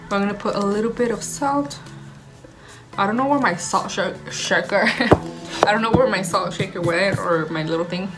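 A woman's voice: mid-range voice, normal speed. A young woman vlogging casually, gushing and chatty as she tastes food at home, slipping Spanish words into her talk. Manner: bubbly, gushing, mixes in Spanish words while eating. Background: background music.

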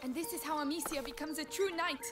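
A woman's voice: high-pitched, quick pace, a bit bright. A woman voicing a brave, determined teenage girl in a video game, speaking with a French accent and an earnest, eager manner. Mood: proud. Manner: earnest, eager to prove herself.

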